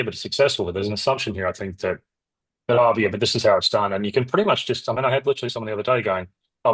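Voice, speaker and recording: Middle-aged aussie guy rambling away quick in an interview, lowish husky voice, dry sound. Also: no echo, poor audio. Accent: Australian. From Australia. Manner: rambling, animated, frequent restarts and asides. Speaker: company founder, interview guest. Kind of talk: casual interview talk.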